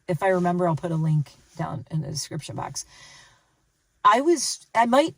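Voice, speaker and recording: A woman's voice: lowish voice, far from the mic, poor audio. Tired, chatty woman vlogger. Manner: rambling, chatty, self-correcting. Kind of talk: casual chat to camera. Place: outdoors and in a car, rainy day.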